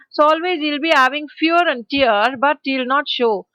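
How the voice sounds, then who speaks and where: Indian english lady teacher going over a poem line by line, bright tone, lots of "isn't it?". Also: high voice, moderate pace, dry recording, rough recording. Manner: explains line by line, repeats verses, asks rhetorical questions. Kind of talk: poetry lesson for school children.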